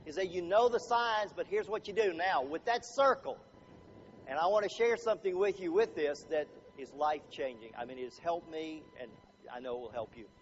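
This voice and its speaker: A middle-aged man giving a seminar talk to a live audience, animated and jokey, acting out little scenes. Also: on the high side, a little fast, slight background noise. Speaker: motivational speaker. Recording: dull lo-fi recording, faint ambience.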